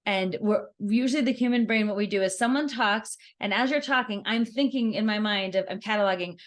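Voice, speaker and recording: A woman giving a networking skills workshop, talking in an animated, conversational way and laughing easily as she acts out examples. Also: mid-range voice, brisk. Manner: laughs easily while explaining. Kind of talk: workshop presentation.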